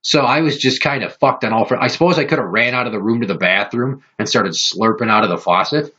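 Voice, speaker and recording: A man hosting a podcast, telling profane, animated stories in casual chat. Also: medium pitch, fast talker, slightly rough, lo-fi sound. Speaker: podcast host.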